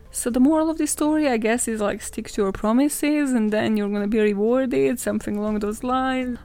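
A woman's voice: a little high, darkish tone. A woman hosting a podcast, retelling a fairy tale in a sarcastic, profane, chatty way, laughing often and saying "like" a lot. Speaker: podcast host. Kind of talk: casual comedic storytelling.

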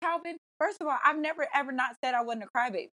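A woman co-hosting a casual podcast, brash and profane, talking in an animated, teasing way. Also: high-pitched, quick pace, a crowd in the background. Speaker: podcast co-host.

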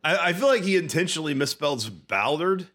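A man's voice: on the high side, expressive, sharp tone. A man co-hosting a casual podcast, wry and profane, often restarting his sentences. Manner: swearing, wry, halting restarts. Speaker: podcast co-host.

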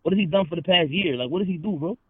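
Racing along in a high voice over a loud crowd, a man appears as a podcast guest, confrontational and heated. He leans on slang and repeats himself, all captured with a thin, phone-like sound.

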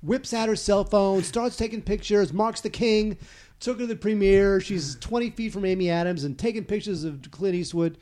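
A man co-hosting a film review show, telling an animated story with stammers and restarts. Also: sits high, normal speed. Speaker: film critic co-host. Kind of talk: casual anecdote chat.

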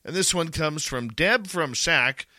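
A male host with a very bright, forceful tone and a lively, swinging pitch. He chats casually and reads listener questions. The sound is dry and close. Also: a little slow, dry recording.

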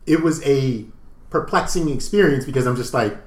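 A man co-hosting a casual podcast, telling stories with lively energy and loose swearing. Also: medium pitch, normal speed, roomy sound. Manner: animated storytelling, swearing freely. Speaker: podcast co-host. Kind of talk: casual chat.

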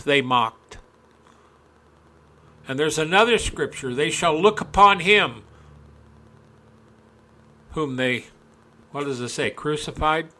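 A male preacher delivering a sermon, reading scripture aloud and breaking into folksy asides, climbing to loud, impassioned peaks. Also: a little high, expressive, takes it slowly, pauses often.

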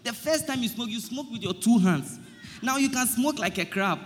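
In a comedy skit, a man with a very high, expressive voice preaches to his friends at normal speed, pleading, stumbling over his words and quoting scripture in a comic street-preacher style. A long reverb tail trails his voice.

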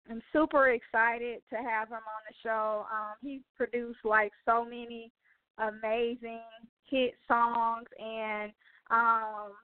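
Female radio host, bright upbeat delivery, higher voice, dry phone-quality sound. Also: no echo. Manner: upbeat, filler-heavy. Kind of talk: online radio interview. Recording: dry tinny phone-like audio.

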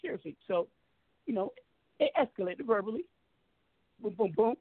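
A man's voice: high-pitched, sing-song, normal speed, breathy edge, no room sound, narrow, tinny audio. A man telling a heated story on a talk show, boastful, profane and emphatic.

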